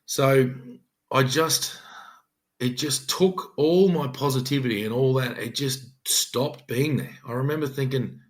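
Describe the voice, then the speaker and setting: A man's voice: mid-range voice, measured pace. Earnest Australian man telling a story. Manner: earnest, emphatic, acts out his own quoted speech. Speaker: police detective sergeant. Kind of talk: podcast storytelling.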